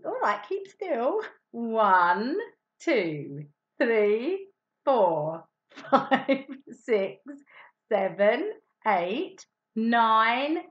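Animated teacher for little children. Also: female voice, a little high, drawn-out words. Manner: sing-song, exaggerated and encouraging, with hushed asides. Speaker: teacher presenting to young children. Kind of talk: children's maths lesson with a puppet. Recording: dull lo-fi recording.

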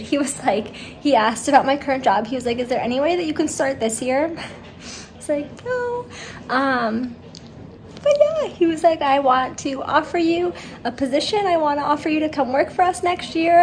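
A young woman teacher chatting excitedly in a casual vlog, with many "like"s. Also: sits high, moderate pace. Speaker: teacher and vlogger.

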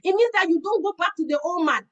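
A woman preaching to a women's fellowship, telling earnest personal stories in an animated way and often repeating words. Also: very high-pitched, fast talker, lo-fi sound.

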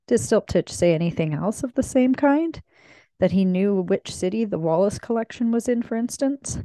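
A woman's voice: mid-range voice, expressive, normal speed, dark tone, no echo, natural voice. A woman voicing a clever, adventurous man in a read-aloud mystery, with a wry, self-assured delivery.

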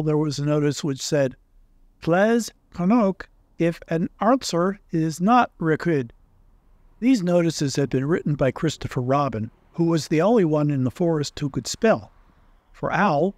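A man narrating a children's storybook in a calm, measured way. His voice sits slightly high. It is recorded close and dry, with no room sound. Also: no room sound. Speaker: audiobook reader.

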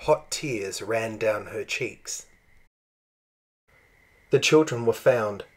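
Slow, husky man reading a storybook. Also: fairly low pitch. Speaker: storybook reader. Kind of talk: reading a children's picture book aloud.

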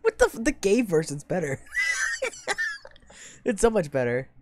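A young woman streamer delivers profane, mocking reaction commentary punctuated by loud bursts of laughter and sudden shouting. Her lowish voice is sing-song and brisk.

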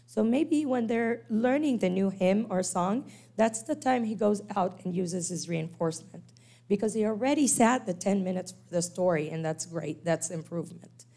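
Mellow-voiced woman giving a lively lecture. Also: medium pitch, moderate pace, creaky. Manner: animated, acts out quoted parents and kids. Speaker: lecturer on special needs teaching. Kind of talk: church workshop lecture.

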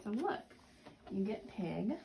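A woman's voice: mid-range voice, lively intonation, slow, gravelly. A mother patiently coaching her young child through play at home, with encouraging, sing-song speech. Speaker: mother and caregiver. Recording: noisy home recording.

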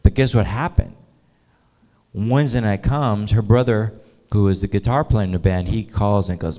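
A male pastor telling a personal story in a sermon, animated and casual, laughing often and filling gaps with "you know". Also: on the low side, moderate pace.

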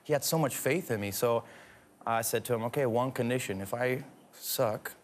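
Canadian man telling lively stories. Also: mid-range voice, a little fast, slight background noise. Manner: animated storytelling, laughs often. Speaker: guest, actor and singer. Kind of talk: casual talk show interview.

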